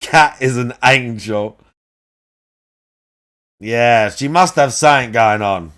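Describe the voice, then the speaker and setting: A man's voice: medium pitch, slow, a bit bright. A man mocking a clip in a reaction commentary, sarcastic, swearing and laughing often.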